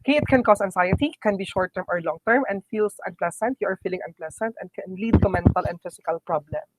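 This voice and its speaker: A woman teacher with a Filipino accent giving a quick online review lecture, often checking in with "okay?" and slipping into Tagalog phrases. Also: medium pitch, very noisy. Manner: brisk, repeats "okay?" and "my dear students"; mixes English with Tagalog phrases.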